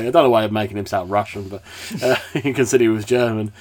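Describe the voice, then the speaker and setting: A man's voice: mid-range voice, racing, few pauses. A young man co-hosting a podcast, telling a story in casual chat and acting out the people he quotes. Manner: animated storyteller, acts out quoted voices. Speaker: podcast co-host.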